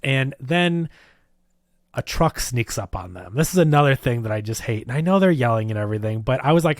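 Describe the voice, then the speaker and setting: A man co-hosting a film review show in casual chat, animated as he recaps scenes and argues his points. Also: medium pitch, normal speed, no room sound, clean studio sound. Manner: animated, acts out scenes with quoted voices. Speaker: film review podcast co-host. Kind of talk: casual movie discussion.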